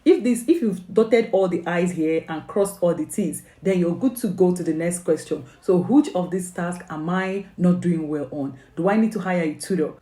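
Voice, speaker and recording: Her voice lowish and warm, a woman with a Nigerian accent tutors English through a motivational exam-advice video, recorded in an echoey room. She's earnest and coaxing, posing many questions and frequently asking "okay?"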